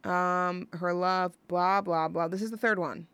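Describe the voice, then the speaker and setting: A woman's voice: fairly low pitch, fairly even intonation, measured pace, a bit bright, clean tone, no room sound. A young woman hosting a college radio show, chatting on her own in a rambling, gushing way full of fillers and restarts. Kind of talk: casual solo radio chat.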